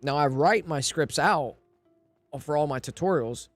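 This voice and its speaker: A man's voice: a little high, measured pace, no echo, faint music behind. A man streaming live, rambling and thinking aloud in casual talk, often repeating himself and asking if you know what he means.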